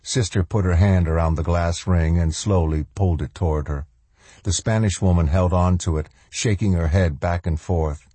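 A man narrating a novel as an audiobook reader in an even, measured way. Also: deep voice, husky, dry recording. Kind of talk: scripted narration.

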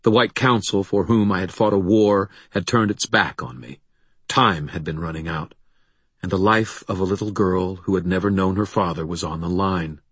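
A man narrating a first-person audiobook with a very low, husky voice. He reads in a measured, introspective way. The sound is dry and close. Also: fairly bright tone, no echo.

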